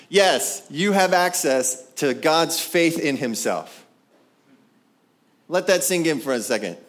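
A man preaching a sermon, animated and conversational, acting out scripture scenes with playful voices. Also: medium pitch. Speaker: pastor.

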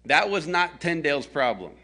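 A man's voice: a little high, very animated, normal speed, bright, forceful tone. A man from the American South preaching a conversational sermon, telling a story with jokes aimed at his congregation. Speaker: pastor.

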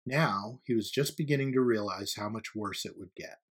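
A man narrating a story as an audiobook reader, with a steady, even-paced storytelling delivery. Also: fairly low pitch, moderate pace, slightly rough.

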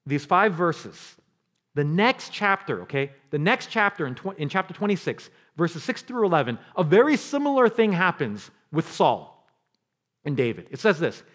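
Animated, high-voiced male pastor preaching. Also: normal speed. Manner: dramatic, swings from loud to hushed whispers; conversational asides to the congregation. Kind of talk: sermon.

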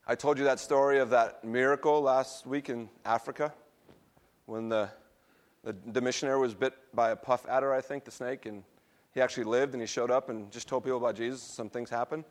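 A middle-aged pastor preaches a sermon at a brisk clip, his medium-pitched voice easygoing and conversational with fairly even intonation. He shares personal stories, stumbles over words occasionally, and laughs at himself.

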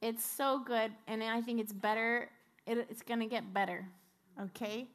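A woman's voice: fairly high pitch, steady tone, normal speed. A woman in her thirties preaching a sermon, telling a personal story and rising to fervent exclamations.

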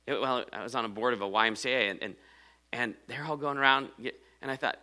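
A man's voice: medium pitch, fast talker, pushed and bright. A man preaching a sermon, earnest and repeating phrases for emphasis. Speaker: pastor.

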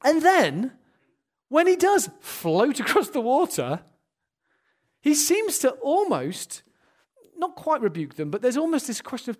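A middle-aged man preaching a sermon, lively and animated, moving from playful asides to hushed, earnest appeals. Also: very high voice, measured pace, pauses often.

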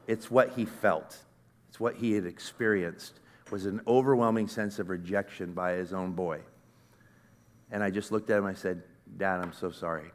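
A middle-aged man preaching to a conference crowd as he tells a personal story. His voice sits on the low side, and he talks in an earnest, conversational way. He gets loud at moments and then drops to a near hush. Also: steady tone, normal speed. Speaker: conference speaker. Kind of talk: sermon.

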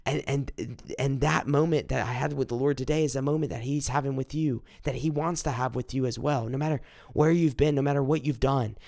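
A man's voice: mid-range voice, steady tone, fairly quick, gravelly, a little mellow, dry recording, clean studio sound. A young man giving an earnest devotional talk, often repeating words and phrases for emphasis. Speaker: devotional speaker.

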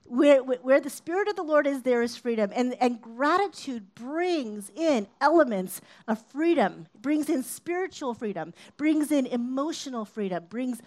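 A woman giving a casual, conversational sermon, sometimes acting out shouted lines. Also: high voice, expressive, moderate pace, hardly any pauses. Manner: conversational, acts out shouted quotes. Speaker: preacher.

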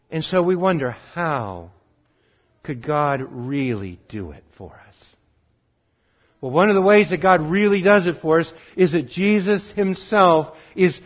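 A man preaching a sermon in an earnest way, switching between urgent bursts and quiet, drawn-out phrases. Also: on the high side, big pitch swings, lo-fi sound.

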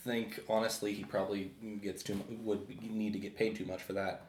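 Animated man in an echoey room. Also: fairly low pitch, brisk. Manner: animated, laughs often, trails off and restarts. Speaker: podcast co-host. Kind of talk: casual chat.

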